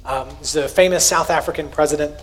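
A man, preaching a sermon. He talks to his congregation in a conversational, earnest way, with a slightly high voice that jumps up for emphasis and drops for quiet asides. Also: fast talker. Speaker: pastor.

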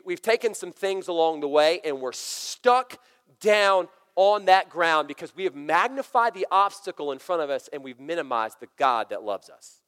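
A man in his thirties preaching a conversational, energetic sermon full of family stories. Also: sits high. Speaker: pastor. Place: church sanctuary. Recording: long hall reverb.

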